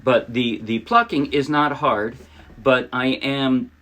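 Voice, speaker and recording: A man's voice: mid-range voice, fairly even intonation, slow, fairly bright tone. A man giving a casual ukulele lesson, chatty and a little self-deprecating, demonstrating as he talks. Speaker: ukulele teacher. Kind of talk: casual tutorial talk. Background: ukulele playing.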